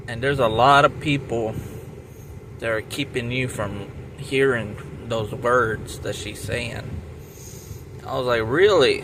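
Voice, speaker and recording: A man telling a rambling story in casual talk, restarting and repeating himself with lots of fillers. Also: medium pitch. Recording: loud traffic and outdoor noise.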